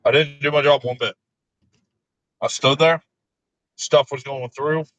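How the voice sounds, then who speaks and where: A man telling crude work stories in casual chat, laughing often and delivering his own quoted replies deadpan. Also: mid-range voice, unhurried, no echo, dull audio.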